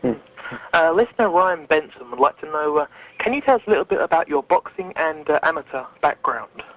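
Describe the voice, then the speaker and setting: A man's voice: a little high, animated, a little fast. Guy hosting a podcast, reads listener questions all hesitant, sorta muffled sound. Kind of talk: interview questions.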